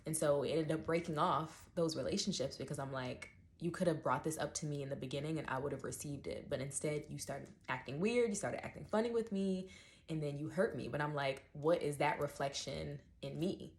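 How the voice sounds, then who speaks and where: Low-voiced woman sharing candid reflections. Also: fairly quick. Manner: candid, emotional, uses many "like" fillers and quoted self-talk. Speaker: channel host. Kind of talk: personal reflective monologue.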